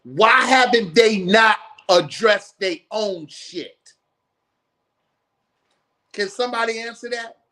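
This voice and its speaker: A man's voice: high voice, slow pace, long pauses, pushed and bright. A man hosting a live podcast stream, ranting bluntly and profanely in heated commentary. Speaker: podcast host.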